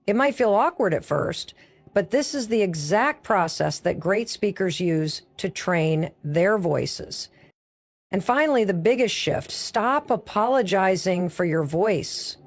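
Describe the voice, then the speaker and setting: A woman's voice: medium pitch, animated, measured pace. A woman delivering a motivational speech as a speaker, coaching the listener in short, emphatic, punchy phrases.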